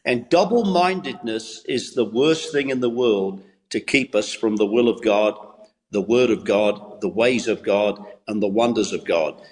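An English man preaches a devotional, leaning on repeated phrases and a steady, preacherly rhythm. His voice carries a long reverb, as if heard in a large, echoing space. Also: fairly low pitch, unhurried. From England. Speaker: pastor and evangelist. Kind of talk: devotional talk on a Christian TV show.

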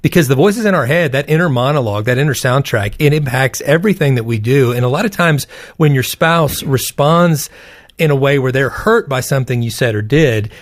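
A man's voice: medium pitch, animated, fairly quick. A man co-hosting a conversation, explaining in an earnest way. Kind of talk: casual conversational interview.

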